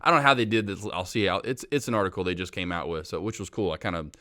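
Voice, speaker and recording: A man from the American South co-hosting a podcast in casual chat, laughing often and swinging between loud and soft. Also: deep voice, lively intonation, racing. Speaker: podcast co-host.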